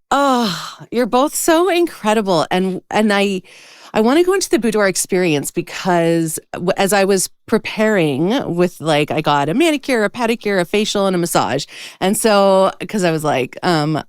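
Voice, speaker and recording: A woman hosting a podcast, chatting casually with her guests in an effusive, excitable way. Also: medium pitch, dry recording, clean studio sound. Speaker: podcast host. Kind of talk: casual interview chat.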